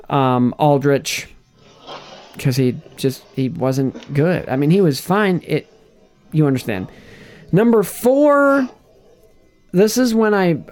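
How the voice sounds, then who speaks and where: A man's voice: a little high, darkish tone. A man hosting a casual chat, rambling and restarting his sentences, laughing often. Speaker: podcast host. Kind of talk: casual chat, ranking movie villains.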